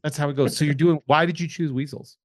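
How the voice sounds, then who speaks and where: A man's voice: on the high side, steady tone, fast talker, dry recording, studio quality. A man hosting a podcast, chatting casually in a rambling, joking, self-deprecating way. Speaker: podcast host. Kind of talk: casual chat.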